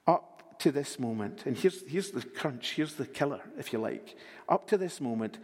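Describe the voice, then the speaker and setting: A man preaching a sermon to a congregation, expressive, dropping to a hush on key words. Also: medium pitch, normal speed. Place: church. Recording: long reverb of a church hall.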